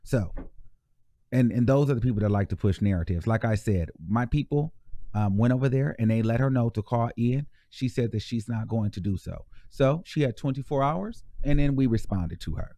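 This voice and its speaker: A man's voice: medium pitch, animated, normal speed, dark tone. A man hosting a live gossip stream with sassy, blunt commentary. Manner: sassy, mock-preaching, blunt. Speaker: host of a live gossip show.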